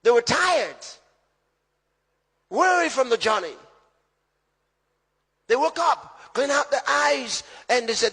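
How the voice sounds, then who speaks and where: This male preacher's voice is high and husky, and his animated sermon swings from shouting to quiet, hushed passages. He speaks a little slowly and pauses often, with a big hall's long reverb trailing each phrase.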